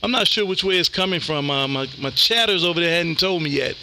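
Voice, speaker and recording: Guy on a ham radio mic, real bright voice, keeps saying man, faint hiss behind. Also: on the high side, lively intonation, fairly quick, creaky, hardly any pauses. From Texas. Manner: laid-back, says "man" often. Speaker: ham radio operator streaming live. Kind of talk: casual radio chat and CQ calls.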